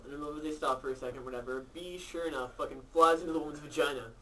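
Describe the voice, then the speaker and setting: A man's voice: a little high, rapid-fire, sharp tone, far from the mic, slight background noise. A man telling a crude joke to friends in an apartment, swearing and acting out the dialogue. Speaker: joke teller. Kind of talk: telling dirty jokes among friends.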